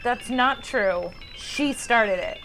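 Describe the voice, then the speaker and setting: A woman's voice: fairly high pitch, slow, fairly bright tone, faint music behind, poor audio. A woman voicing a smug, needling teenage girl from a visual novel, speaking in a taunting, sly way. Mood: cool. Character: smug, needling teen girl club member. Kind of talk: voicing game dialogue.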